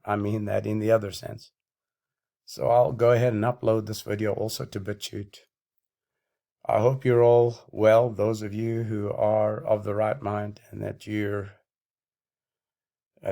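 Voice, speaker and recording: Low-voiced man on a breathless rant. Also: vocal fry, darkish tone. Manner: combative, self-aggrandizing, contemptuous. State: out of breath and losing his voice. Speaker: channel host. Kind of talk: ranting monologue.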